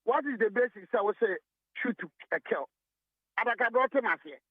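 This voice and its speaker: A Ghanaian man calls in to a radio show, arguing with fervor and stacking up repeated noes as he switches between English and Twi. His voice sits very high. It comes through a tinny, dry telephone line. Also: lively intonation, a little fast, no echo. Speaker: phone-in caller. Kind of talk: heated radio call-in commentary.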